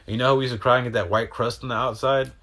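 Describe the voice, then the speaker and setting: A man's voice: mid-range voice, fairly even intonation, very fast, fairly bright tone. A man talking in a meandering, profane, emotional stream of consciousness, in a casual spiritual monologue. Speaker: host.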